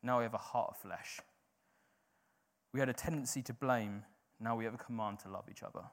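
A man's voice: mid-range voice, fairly even intonation, a little fast. A man preaching a sermon in an informal, conversational way, often filling with "like".

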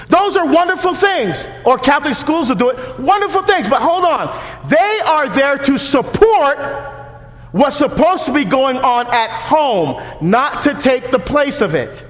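A male deacon preaches in a high, bright-edged voice. His delivery is animated and punchy, with shouts for emphasis. The sound booms around a large church with a long, ringing reverb. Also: a little slow. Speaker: deacon giving a parish mission. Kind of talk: sermon.

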